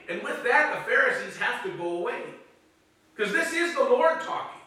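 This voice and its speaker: A man's voice: very high-pitched, big pitch swings, moderate pace, bright, forceful tone. A man preaching a sermon in a dramatic way, acting out the voices he quotes. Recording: very echoey room, speaker far from mic.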